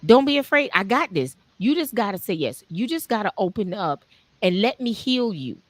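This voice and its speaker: A woman voicing God as a calm, reassuring male spirit who talks in casual, coaxing street phrasing. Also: mid-range voice, moderate pace, no room sound, pitched above the performer's own voice.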